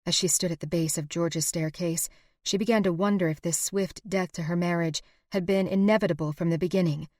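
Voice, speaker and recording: A woman narrating a historical romance audiobook in a steady, expressive reading. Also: fairly low pitch, a little fast, no echo, clean studio sound. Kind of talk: scripted narration.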